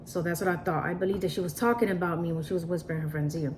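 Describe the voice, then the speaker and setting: A woman's voice: fairly low pitch, fairly even intonation, rapid-fire, slight background noise. A woman telling a personal story in a casual, earnest way, often repeating herself and restarting sentences. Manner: repetitive, earnest, frequent restarts and "like".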